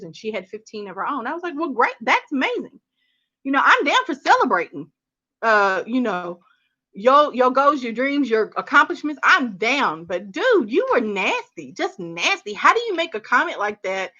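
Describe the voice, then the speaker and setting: A woman chats animatedly with her viewers on a gardening livestream, calling them honey and y'all. Her voice is bright and a little sharp, pitched somewhat high for a woman. The stream audio sounds slightly dull and lo-fi. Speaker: gardening channel host. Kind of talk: casual livestream chat with viewers.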